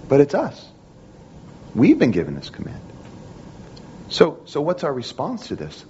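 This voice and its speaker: A man's voice: a little high, huge pitch swings, unhurried, long pauses, dark tone, dull audio, a little hiss or hum. A man preaching a sermon in an earnest manner, repeating phrases and restarting often. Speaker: pastor.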